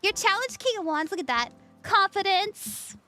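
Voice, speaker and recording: Bubbly high-voiced woman tarot streamer. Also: sing-song, normal speed, bright, forceful tone, soft background music. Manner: bubbly, giggly, reads chat aloud. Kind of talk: casual livestream tarot reading.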